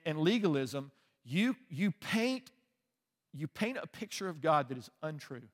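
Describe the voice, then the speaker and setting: A man with a somewhat high voice delivers a sermon, earnest and conversational, circling back and restarting his phrases as he builds a point. His voice rings out with a long tail of reverb, as if recorded in a large church sanctuary. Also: a bit bright. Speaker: preacher.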